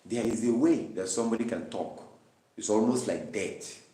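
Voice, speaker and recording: Picked up by a far-off mic in a roomy space, a man with a lowish, dark voice conducts a Bible study at a moderate pace. He reads the verses, then drives home their meaning with emphatic repetition.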